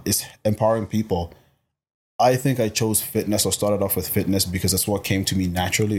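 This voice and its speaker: A fairly low-voiced man who grew up in Botswana speaks in a casual interview, with fire and energy. He restarts sentences often and jumps in pitch when he gets excited. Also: breathy edge. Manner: energetic, passionate, many restarts. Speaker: interview guest, life coach.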